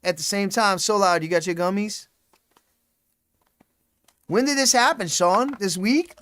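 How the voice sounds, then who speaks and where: A man's voice: sits high, measured pace, a bit bright, clean tone, no room sound. A man hosting a casual live stream, rambling, swearing freely and laughing often. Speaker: livestream host.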